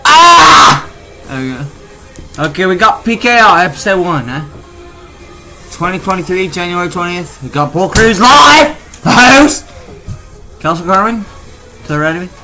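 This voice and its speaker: A man hosting a rowdy, casual podcast, loud and profane, often shouting and laughing. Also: sits high, expressive, moderate pace, long pauses. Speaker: podcast host. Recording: music playing behind.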